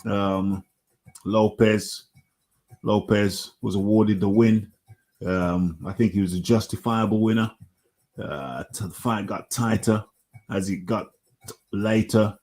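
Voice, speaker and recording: A man's voice: on the low side, steady tone, slow pace, long pauses, a little mellow. A middle-aged man, hosting a casual solo fight recap and rambling, repeating himself and chuckling. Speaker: host of a combat sports radio show.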